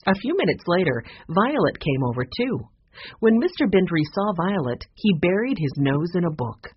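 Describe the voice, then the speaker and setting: A narrator reads a children's chapter book in a steady, expressive way. The voice is husky and moves a lot in pitch. The recording sounds dull and lo-fi. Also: moderate pace. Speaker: audiobook narrator. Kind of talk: storybook narration.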